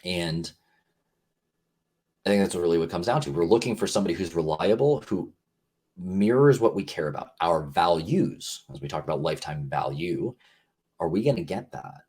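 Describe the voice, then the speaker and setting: A man's voice: low voice, lively intonation, normal speed, a little mellow, husky. A man talking earnestly as a podcast guest, casual and rambling, with many fillers and restarts.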